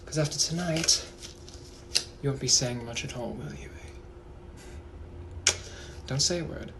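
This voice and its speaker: A man voicing a suave, menacing 1800s British gentleman with a British accent, in whispered role-play, purring and teasing. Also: medium pitch, measured pace, very noisy, lightly acted.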